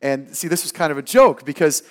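A man preaching a sermon and telling a personal story, moving from loud emphasis to hushed asides and acting out the people in it. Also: a little high, expressive, brisk. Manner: acts out the people in his stories. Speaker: pastor.

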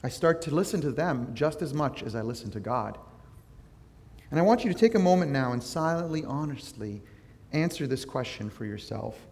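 A man's voice: mid-range voice, expressive, moderate pace, a little mellow. Conversational male pastor in a reverberant hall. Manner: conversational teaching with prayer, asks listeners questions. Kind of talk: sermon.

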